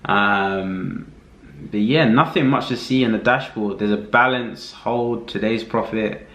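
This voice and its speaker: A man giving a casual screen-recorded walkthrough as a reviewer, relaxed and thinking aloud with many fillers. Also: on the low side, measured pace. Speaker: affiliate marketing reviewer. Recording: roomy echo.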